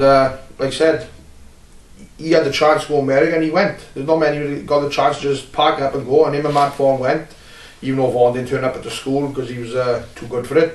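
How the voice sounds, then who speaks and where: A Welsh man, a wrestler, talking bluntly and rambling with many filler pauses in a casual interview. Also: mid-range voice. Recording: roomy, distant mic.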